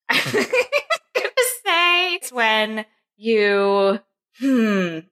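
A woman co-hosting a podcast, chatting casually. Her bright voice swings widely in pitch as she jokes and giggles, with a swear word here and there. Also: animated, drawn-out words. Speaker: podcast co-host. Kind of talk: casual chat.

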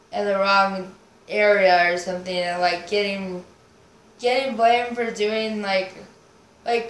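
Guest spot: woman rambler, free-associating, coins words, curses, roomy room. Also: medium pitch. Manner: rambling, swearing, invents nonsense words. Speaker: podcast guest. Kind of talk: casual rambling chat. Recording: roomy echo, faint noise.

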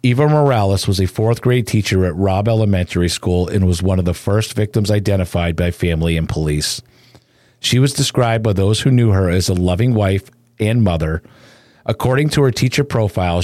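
Deep-voiced man reading somber news. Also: brisk, darkish tone, no echo. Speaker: news narrator.

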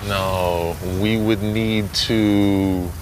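A man speaking flat, deadpan scripted lines in a grocery commercial. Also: fairly low pitch, drawn-out words, a little hiss or hum. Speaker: commercial actor. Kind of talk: scripted ad dialogue.

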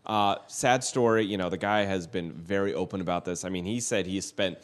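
A man with a fairly low voice co-hosts a celebrity news podcast. He talks in a loose, chatty way and drops the odd swear word. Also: fairly quick. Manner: chatty, swears casually, reads statements aloud. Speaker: podcast co-host. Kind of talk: casual celebrity news chat.

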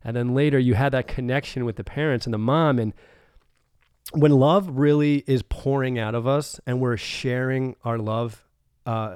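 A man's voice: mid-range voice, darkish tone, smooth, no room sound, studio quality. A man hosting a podcast in a casual chat, enthusiastic and affirming, often saying "man" and "like". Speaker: podcast host.

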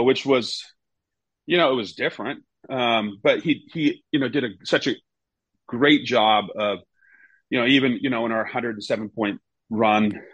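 Speaking in a mid-range voice, the ex-goalkeeper relaxes into interview anecdotes and loudly mimics his coaches with lively energy. There's no room sound, and the highs are cut off.

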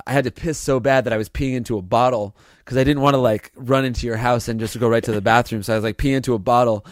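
A man co-hosting a podcast, telling a story in a rambling, animated way, swearing freely and restarting his sentences. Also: medium pitch, quick pace, no echo, clean studio sound. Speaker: podcast co-host. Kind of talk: casual storytelling chat.

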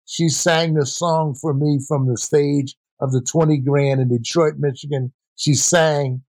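Older man telling lively stories, dry sound. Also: a little high, unhurried, no room sound. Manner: animated, acts out quoted voices. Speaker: guest, former basketball player and coach. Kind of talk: storytelling interview answer.

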